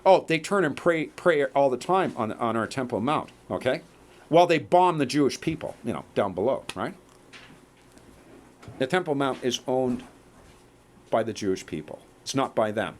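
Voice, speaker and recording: A man's voice: mid-range voice, expressive, normal speed. A man in a rambling monologue to viewers, emphatic and checking in with "okay?" and "eh?". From Canada.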